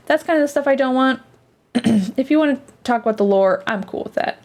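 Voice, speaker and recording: A woman's voice: a little high, lively intonation, quick pace, a little mellow. A woman streamer chatting casually and reacting aloud as she plays a game. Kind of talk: casual let's-play commentary.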